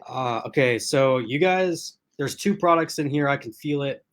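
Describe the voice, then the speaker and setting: A man's voice: medium pitch, moderate pace. A man hosting a casual livestream unboxing from his laptop, rambling and chatty with lots of fillers, restarts and laughs. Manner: laughs often. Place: at home in front of a laptop.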